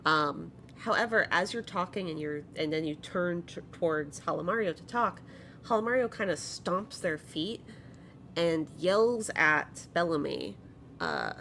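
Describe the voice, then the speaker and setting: A woman's voice: fairly low pitch, big pitch swings, measured pace, fairly bright tone, a little hiss or hum. A woman narrating a tabletop game as game master, hesitant with many fillers.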